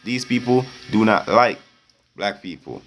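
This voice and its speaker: Guy ranting at the camera, fired up and confrontational, lowish voice. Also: expressive, a little slow, a bit bright, soft background music. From Canada. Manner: confrontational, repeats "you get me". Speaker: vlogger. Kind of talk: angry direct-to-camera rant.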